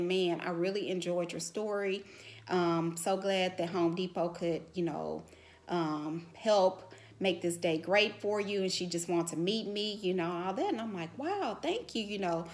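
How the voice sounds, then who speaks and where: Speaking to camera at a measured pace in a lowish voice, a middle-aged woman vlogger tells a personal story casually and animatedly. She leans heavily on "you know" and grows emotional as she goes.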